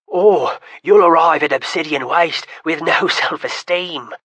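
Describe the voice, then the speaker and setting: A man's voice: on the high side, unhurried, a bit bright, breathy edge, no room sound. A man voicing an easygoing young man in his twenties trading jabs with his sister. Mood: bantering. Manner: bantering, easy.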